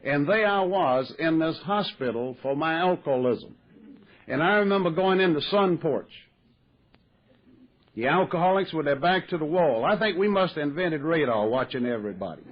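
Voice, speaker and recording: Older man, folksy and wry, speaker at a recovery meeting; muffled vintage tape. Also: a little high. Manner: folksy storytelling, wry humor. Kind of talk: recovery talk to an audience.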